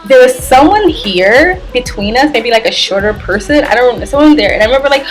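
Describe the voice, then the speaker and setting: A young woman vlogger telling a story in a casual, animated way, full of fillers and little laughs. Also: fairly high pitch, quick pace, soft background music, low-quality recording. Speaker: travel vlogger.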